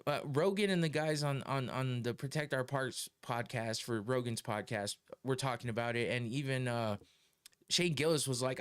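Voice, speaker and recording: A man's voice: mid-range voice, moderate pace, a bit bright. A middle-aged man hosting a podcast, ranting heatedly and swearing a lot, with frequent laughs. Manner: profane, heated, laughs often. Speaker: podcast host. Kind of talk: casual opinion rant.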